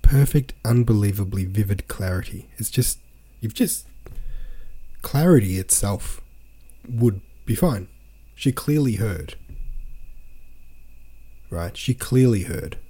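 A man's voice: on the low side, animated, slow pace, pauses often, mellow, slightly rough. A man hosting a podcast, reading from a novel aloud and complaining in an exasperated, ranting way about its wordy sentences. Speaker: podcast host.

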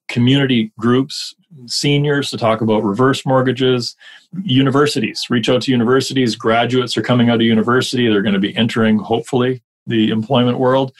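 In a laid-back podcast chat, a man coaches mortgage brokers with plenty of energy, quickly firing off lists of examples. His voice sits in the mid-range.

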